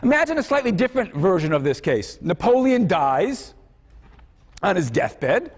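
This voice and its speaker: A man's voice: high voice, big pitch swings, moderate pace. A man giving a university philosophy lecture, thinking aloud and putting questions to his students. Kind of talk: classroom lecture. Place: lecture hall. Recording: reverberant lecture hall.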